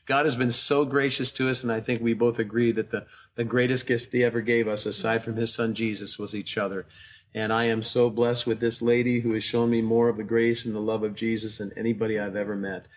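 A man in his sixties, the church's pastor, giving a warm, affectionate introduction before the sermon. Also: mid-range voice, flat delivery, brisk.

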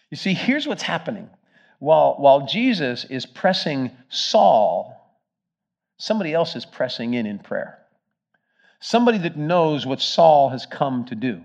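A man preaching a sermon, telling the story with energy and swinging between loud emphasis and hushed moments. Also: fairly high pitch. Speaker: pastor. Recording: dull, muffled sermon recording.

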